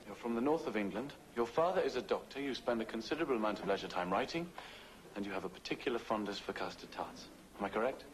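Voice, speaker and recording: A man's voice: fairly low pitch, fast talker, a little hiss or hum, natural voice, rough recording. A young man playing a clever, smug young Sherlock Holmes in a film, rattling off confident deductions. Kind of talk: film acting.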